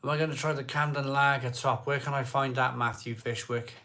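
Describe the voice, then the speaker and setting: A man's voice: medium pitch, fairly even intonation, a little fast, bright, forceful tone. Welsh man, middle-aged, live stream host, chatty, jokey, reading out viewer comments. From South Wales.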